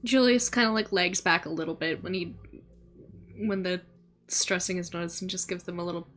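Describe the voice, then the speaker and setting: A woman playing a tabletop game, easygoing and quick to laugh. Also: fairly low pitch, steady tone, a bit bright. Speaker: player. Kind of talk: casual tabletop play.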